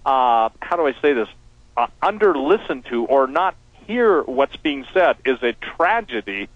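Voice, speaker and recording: A man's voice: mid-range voice, a little slow, dry recording, muffled recording. A man as a guest on a talk radio show, speaking emphatically and animatedly. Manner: emphatic, animated, quotes people in voices. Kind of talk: radio interview over a line.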